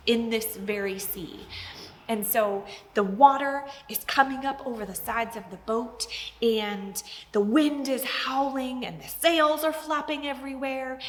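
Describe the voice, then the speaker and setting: A woman with a fairly high voice teaches children a Bible lesson at an unhurried pace. She tells the story expressively and often sinks to near-whispers. Her voice rings in a long hall reverb over a faint background hiss. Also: fairly bright tone.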